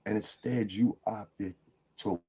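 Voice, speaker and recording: A man with gives a stern, lecturing monologue aimed at someone he addresses directly. His voice is very low and husky. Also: fairly even intonation, slow pace, dark tone. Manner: lecturing, scolding tone. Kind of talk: commentary monologue.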